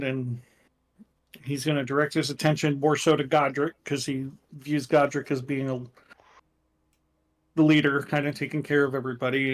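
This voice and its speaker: A man narrating a tabletop game as game master, describing character actions with frequent fillers. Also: fairly high pitch.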